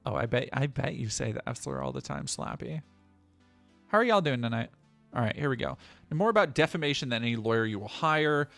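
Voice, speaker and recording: A man's voice: medium pitch, expressive, a little fast, creaky, a bit bright, soft background music. A man streaming, reading news headlines aloud and reacting with sarcastic asides. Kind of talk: casual stream commentary.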